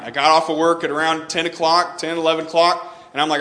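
A man's voice: a little high, level tone, fast, few pauses, bright, forceful tone. A young man from Texas preaching a sermon, telling a story with frequent restarts and repeated words.

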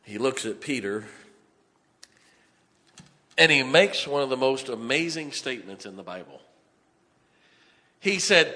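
In a church sanctuary with long hall reverb, a male pastor preaches in a folksy storytelling style, acting out the voices of the people in his tale. His medium-pitched voice is expressive, bright and forceful, a little slow, with frequent pauses.

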